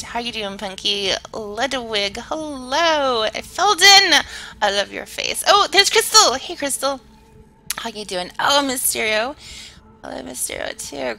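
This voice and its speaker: Bright-voiced woman streaming a game. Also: on the high side. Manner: chatty, swearing, easily startled. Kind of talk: casual live-stream commentary.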